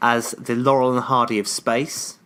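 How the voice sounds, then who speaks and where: A man's voice: medium pitch, little pitch movement, normal speed, a bit bright, smooth. A British man co-hosting a podcast, talking in a rambling, chatty way with lots of fillers. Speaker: podcast co-host. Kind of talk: casual podcast chat.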